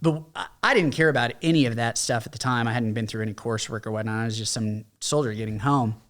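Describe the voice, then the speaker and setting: A man's voice: medium pitch, fast talker, fairly bright tone. A middle-aged man, a combat veteran and podcast guest, telling his story in a candid, conversational way and acting out what others said. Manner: candid, conversational, mimics others in quoted lines. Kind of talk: casual storytelling.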